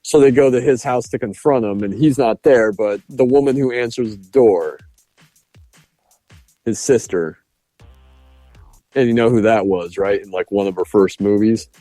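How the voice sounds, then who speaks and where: A man with a lowish, mellow voice chats casually on a podcast, retelling film scenes in a rambling way full of "uh" and "like". The sound is dry and close, with faint music underneath. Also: normal speed, long pauses, dry recording. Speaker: podcast co-host. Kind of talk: casual film review chat.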